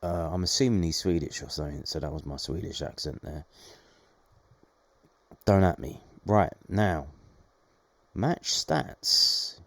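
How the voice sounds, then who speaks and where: Low-voiced man reading football news. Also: a little slow, long pauses, a bit bright, no room sound. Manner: reads news with sarcastic asides. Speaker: podcast host. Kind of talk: casual daily news podcast.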